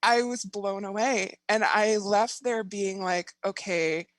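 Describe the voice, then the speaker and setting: Animated woman telling a story, dry sound. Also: mid-range voice, slow, dry recording. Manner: animated, laughs often, acts out her own thoughts. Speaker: guest. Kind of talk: casual storytelling in a conversation.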